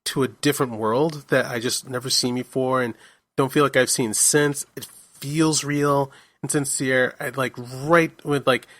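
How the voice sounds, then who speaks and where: A man's voice: mid-range voice, steady tone, measured pace, a bit bright, dry recording. A man hosting a casual podcast, rambling with eager enthusiasm and plenty of fillers. His voice sits mid-range and sounds dry and close, with little room sound. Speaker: podcast host.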